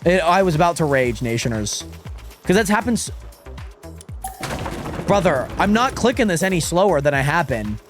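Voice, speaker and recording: A young man chatting casually with viewers while live-streaming a game, animated and often exasperated. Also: fairly high pitch, moderate pace, pauses often, faint music behind. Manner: animated, swings between excited greetings and exasperated muttering.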